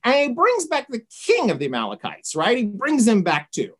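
A woman's voice: fairly high pitch, huge pitch swings, normal speed, a bit bright. A woman teaching a Bible study lesson in a conversational way, retelling the story with frequent asides.

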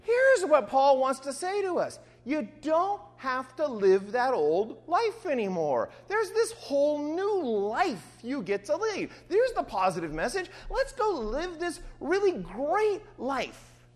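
A woman's voice: high-pitched, slow. Lady preaching a sermon, acts out voices, echoey big hall. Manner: animated, acts out voices and reads scripture aloud.

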